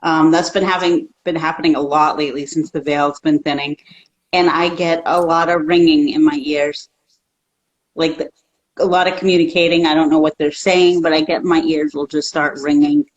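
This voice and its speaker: Lower-voiced woman guest, rambling. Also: fairly even intonation, normal speed, muffled recording. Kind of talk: casual chat.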